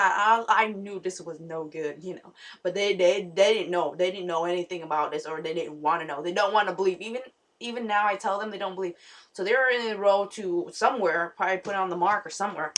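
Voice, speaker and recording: A woman's voice: mid-range voice, fairly bright tone. A young woman vlogger rambling through a dream story, full of fillers and restarts. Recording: voice somewhat far from the mic.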